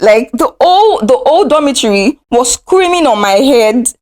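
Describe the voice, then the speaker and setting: Lively, high-voiced Nigerian woman telling a story. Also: normal speed, hardly any pauses. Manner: animated, dramatic retelling. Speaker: vlogger. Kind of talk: casual storytelling.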